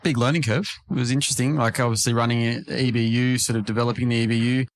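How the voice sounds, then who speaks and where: A man's voice: mid-range voice, steady tone, fast. A man in a podcast interview, telling work stories in a matter-of-fact way. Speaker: real estate agent guest.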